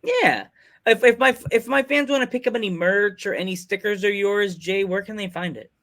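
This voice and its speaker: A man hosting a podcast, telling rambling, excitable stories in casual chat. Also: high voice, moderate pace. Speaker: podcast host.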